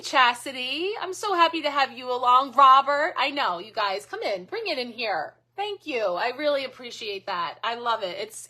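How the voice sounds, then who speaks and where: A woman's voice: fairly high pitch, pushed and bright. A middle-aged woman hosting a live card reading, chatting casually and thanking viewers by name. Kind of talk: casual live-stream chat.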